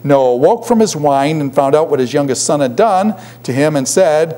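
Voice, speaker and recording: A man's voice: mid-range voice, lively intonation, normal speed, few pauses, mellow. A middle-aged man teaching a class, lecturing and constantly posing questions to his students. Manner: poses frequent questions to the class.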